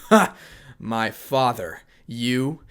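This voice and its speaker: A man's voice: medium pitch, expressive, drawn-out words, a bit bright, clear, resonant tone. A man voicing a cold, scornful young man who growls his threats.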